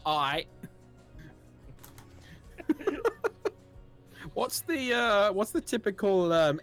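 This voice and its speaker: A man's voice: high-pitched, lively intonation, extremely slow, pauses often, a bit bright, clear, resonant tone, soft background music. A man chatting casually as a guest on a live stream, laid-back and giggly. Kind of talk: casual chat.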